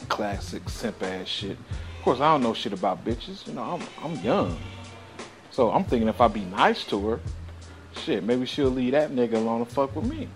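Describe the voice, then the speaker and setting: A man talks through a long personal story in a loose, slangy and constantly profane way, sighing as he goes. His voice sits in an ordinary middle pitch for a man. Faint music plays quietly behind him. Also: big pitch swings. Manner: loose, slang-heavy, swearing constantly, drawn-out sighs. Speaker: show host.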